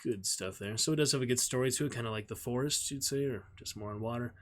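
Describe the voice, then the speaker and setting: A man on a live stream reads a novel aloud at a medium pitch. He talks in a friendly, chatty way with viewers between passages, speaking into a desk microphone. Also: fast, a bit bright. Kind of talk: live-stream chat and book reading.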